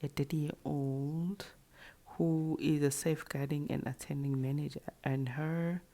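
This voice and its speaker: A woman giving a casual, chatty recap of a show's cast, tossing in quick sassy asides. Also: low-pitched, steady tone, dark tone. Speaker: reality show commentator. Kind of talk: casual show recap to camera.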